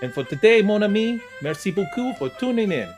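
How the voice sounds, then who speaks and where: A man's voice: high voice, very animated, brisk, faint music behind, voice pushed up. A man doing a put-on, over-the-top French Canadian accent to sign off a podcast. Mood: hammy.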